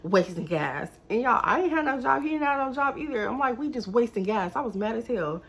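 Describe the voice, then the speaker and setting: A woman's voice: on the high side, brisk, breathy edge. Exasperated young woman telling a story. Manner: animated, exasperated storytelling to viewers. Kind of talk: casual storytime monologue.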